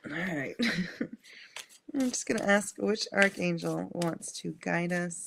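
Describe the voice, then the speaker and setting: A woman hosting a live angel card reading, speaking in a gentle, soothing and affirming way. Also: on the low side, takes it slowly, creaky. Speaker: angel card reader and live stream host.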